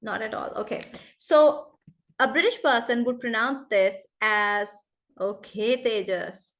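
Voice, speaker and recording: A woman teaching English in an online class over a video call, brisk and chatty, calling on students by name. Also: on the high side, fairly bright tone.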